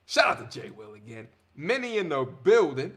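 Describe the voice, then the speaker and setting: A man hosts a casual livestream, all hype as he reads out where his viewers are tuning in from. His voice sits high and swings wide, and his tone is bright and forceful. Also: sing-song, moderate pace. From Long Island, New York. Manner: hyped, shouting out viewers' cities. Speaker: livestream host.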